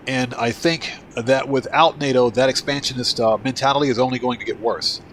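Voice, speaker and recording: A man's voice: mid-range voice, steady tone, normal speed, fairly bright tone, slight background noise. Chatty Northeastern American man streaming. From Baltimore, Maryland, USA. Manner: chatty, answers viewers' chat with frequent restarts. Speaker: livestream gaming host. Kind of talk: casual livestream chat.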